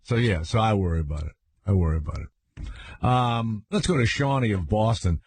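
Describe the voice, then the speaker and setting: Telling personal stories on his radio talk show, an older man keeps it relaxed and lively, switching to squeaky, excited voices to act out moments. His slightly rough voice moves at a moderate pace.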